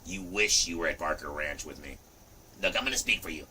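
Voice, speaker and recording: A man in his fifties hosting a livestream, chatting casually in an animated, rambling way, often saying "look" and "you know". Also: very deep voice, brisk, distant mic, slight background noise, poor audio. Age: 50s. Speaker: livestream host.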